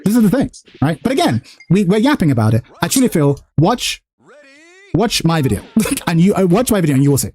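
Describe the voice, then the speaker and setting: A young man hosting a stream, talking fast and animatedly, arguing his point and acting out quotes in casual chat. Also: a little high, big pitch swings, darkish tone, slightly rough. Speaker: streamer host.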